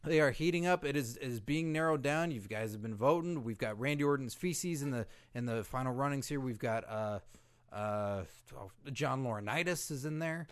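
A man's voice: medium pitch, moderate pace, clean tone. A young man co-hosting a comedy podcast, chatting laid-back with hesitant fillers. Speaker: podcast co-host. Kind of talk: casual comedy podcast chat.

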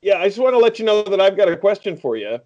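A man's voice: high voice, sing-song, quick pace, a little mellow, no echo, lo-fi sound. A man co-interviewing on a comedy podcast, rambling and fumbling with fillers.

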